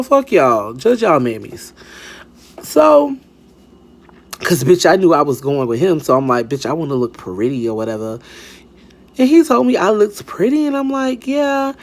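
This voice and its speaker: A man telling a personal story in a sassy, animated storytime style, swinging between high exclamations and low asides. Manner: sassy, animated, lots of swearing and pitch swings. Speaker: storytime vlogger. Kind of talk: casual storytime.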